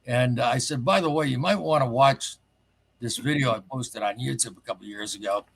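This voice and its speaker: Gravelly, husky man telling an excitable story. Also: mid-range voice, brisk. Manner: excitable, rambling, swears casually. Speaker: caller sharing a paranormal story. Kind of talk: casual call-in storytelling.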